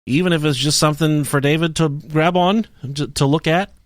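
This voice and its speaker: A man's voice: on the high side, fairly even intonation, fairly quick, dry recording, clean studio sound. Crude joking man co-hosting a podcast. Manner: crude joking, mocking voices when quoting people. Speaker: podcast co-host. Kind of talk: casual crude banter, reading listener emails.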